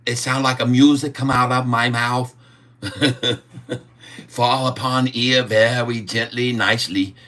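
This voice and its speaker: A man's voice: medium pitch, very slow, long pauses, fairly bright tone, pitched above the performer's own voice. A man putting on an exaggerated broken-English caricature voice, sing-song and giggling. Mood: cheeky. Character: cartoonish broken-English foreign man, cheeky boaster.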